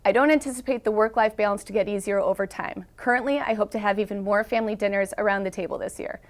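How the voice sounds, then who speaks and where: Woman parent, calm read testimonial for a school video, mid-pitched. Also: fast.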